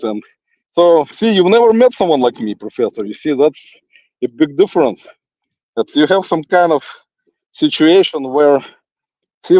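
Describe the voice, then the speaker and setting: Through a dull, lo-fi phone recording, a man with a non-native English accent livestreams while walking in a forest, teasing an absent critic in a rambling monologue punctuated by chuckles. His medium-pitched voice is a little mellow, with no room sound.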